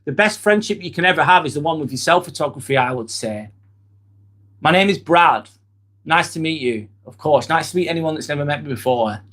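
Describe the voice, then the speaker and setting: Male host in his 40s, slightly high-pitched, blunt and sweary, casual live-stream chat. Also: animated, a little fast, a bit bright. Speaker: livestream host.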